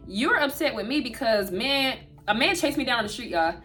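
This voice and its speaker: A woman, telling a storytime vlog straight to her viewers in an animated way. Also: a little high, a little fast, faint music behind. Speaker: vlogger.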